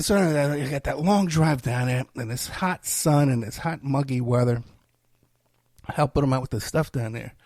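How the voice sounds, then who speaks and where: A man's voice: medium pitch, moderate pace, darkish tone, no echo. A male podcast host talking alone on his show, rambling and self-deprecating with many fillers, and tired and unwell. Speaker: podcast host and private investigator. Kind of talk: rambling solo podcast talk.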